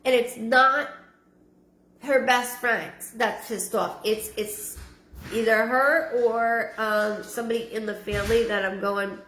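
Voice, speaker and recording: A woman giving a live-streamed psychic reading, halting and repeating her words with frequent ums. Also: fairly high pitch, steady tone, a bit bright. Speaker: psychic medium. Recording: roomy echo.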